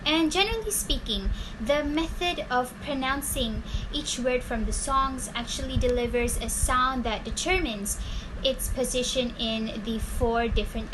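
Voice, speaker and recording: A young woman with a fairly high voice reads a prepared class presentation. Her delivery is formal and carefully worded. A steady background noise sits clearly under her voice. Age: young adult. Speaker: student presenter.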